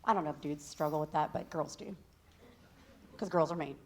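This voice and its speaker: A Texan woman shares the pulpit, reading scripture aloud and breaking in with candid, joking asides. Her voice sits a little low for a woman. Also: a little fast, a little mellow. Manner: candid and joking, says y'all. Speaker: pastor's wife co-teaching.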